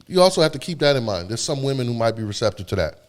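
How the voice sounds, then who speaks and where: A man's voice: medium pitch, big pitch swings, racing. A man co-hosting a podcast in casual chat, loose and slangy, cursing freely and laughing easily. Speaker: podcast co-host.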